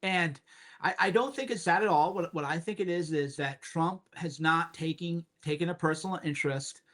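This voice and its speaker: A man's voice: fairly high pitch, moderate pace, fairly bright tone. A man as a podcast guest, talking emphatically in casual chat, repeating points with sardonic asides.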